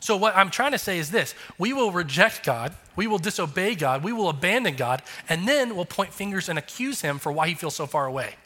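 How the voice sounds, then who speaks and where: A man's voice: sits high, big pitch swings, a little fast, hardly any pauses, pushed and bright, big-room sound. A man in his thirties, a pastor giving an earnest, conversational sermon with emphatic turns.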